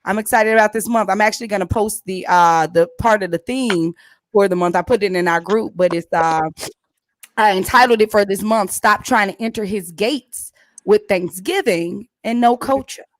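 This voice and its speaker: A woman's voice: medium pitch, moderate pace, dry recording, clean studio sound. A woman hosting a casual church youth show, chatting playfully with a lot of laughter and preachy asides. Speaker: host.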